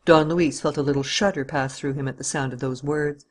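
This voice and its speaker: A man's voice: a little high, fairly even intonation, a little fast. A man narrating a classic adventure novel as an audiobook reader.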